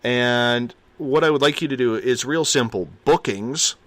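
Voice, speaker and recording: A man hosting a call-in radio show, chatting with callers in an easy, friendly way. His voice sits at a middle pitch, and the sound is dry and close with no room echo. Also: measured pace, a bit bright.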